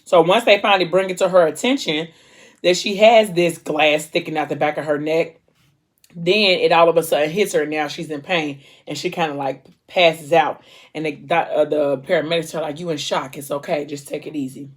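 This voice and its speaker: A woman book vlogger casually recapping a novel's plot in an emotional, animated way, with informal slang. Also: low voice, moderate pace.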